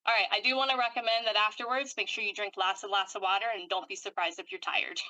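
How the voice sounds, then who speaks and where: A woman energy worker calmly guiding a clearing session over a video call, giving steady instructions and reciting long lists of commands. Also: mid-range voice, fast talker, dry recording, rough recording.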